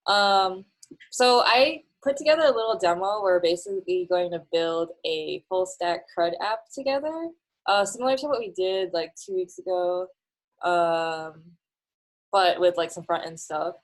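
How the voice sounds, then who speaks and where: A young woman with a somewhat low voice runs a casual online coding class over a video call. She talks in a relaxed, chatty way, full of fillers and small laughs. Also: measured pace, low-quality recording. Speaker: coding instructor.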